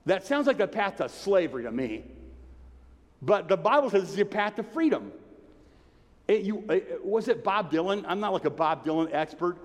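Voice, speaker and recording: A man's voice: high voice, very animated, moderate pace. Preaching man in a reverberant hall. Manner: conversational preaching, rises to emphatic then drops to a hushed tone. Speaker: pastor. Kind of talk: sermon.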